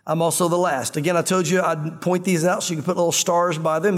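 High, husky male preacher in a hall. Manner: animated, conversational, with sudden drops to a hush. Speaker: pastor. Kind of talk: expository sermon.

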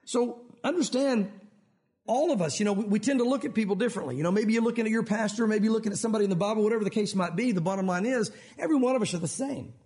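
A man pastor preaching an animated sermon in a church, acting out quotes from scripture. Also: high-pitched, very fast.

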